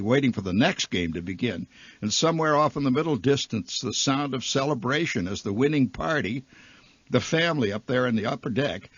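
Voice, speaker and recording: Animated male radio storyteller, lo-fi archive. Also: mid-range voice, husky, no room sound. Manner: animated, swings between loud flourishes and hushed asides. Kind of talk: comic storytelling monologue. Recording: dull lo-fi archival radio recording.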